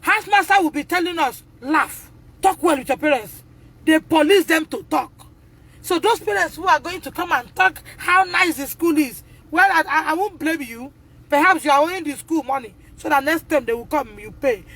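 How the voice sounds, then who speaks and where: High-voiced, indignant Nigerian woman. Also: normal speed, fairly bright tone. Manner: emphatic and indignant, repeating phrases, addressing the school directly. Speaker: mother of a pupil. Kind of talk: impassioned live video appeal.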